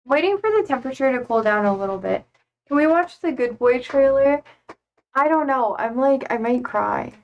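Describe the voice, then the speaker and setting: Speaking on the high side, a woman live-streams from home into a desk mic, chatting casually and rambling with plenty of fillers as she reads viewer comments aloud.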